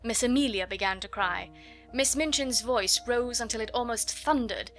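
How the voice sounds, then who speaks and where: A woman's voice: fairly high pitch, normal speed, fairly bright tone, soft background music. A woman narrating a classic children's novel as an audiobook reader, telling it expressively. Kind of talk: scripted narration.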